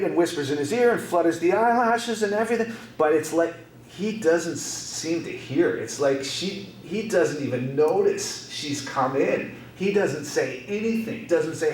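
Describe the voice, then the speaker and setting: A male English teacher walking his class through a lyric, repeating himself and tossing in little checks for understanding. His voice sits a bit high. It echoes around the room, picked up from a distance, with a faint hum beneath. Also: unhurried. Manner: repetitive, checks in with rhetorical questions. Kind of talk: classroom lesson, explaining song lyrics.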